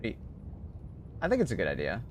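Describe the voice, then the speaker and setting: A man's voice: on the low side, wildly swooping pitch, fairly quick, a little hiss or hum. A man chatting casually to his live-stream viewers in a laid-back, slangy way, laughing often.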